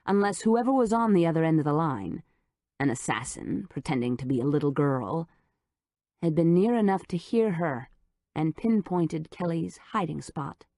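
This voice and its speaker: A woman narrating an audiobook in a measured, low-key manner on a close studio mic. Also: lively intonation, dark tone, no room sound. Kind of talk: scripted narration.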